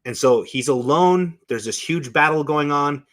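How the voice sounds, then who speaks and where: A man on a talk show as a guest, telling stories with excitement and emotion, often restarting his sentences. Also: fairly high pitch, measured pace. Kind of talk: casual chat.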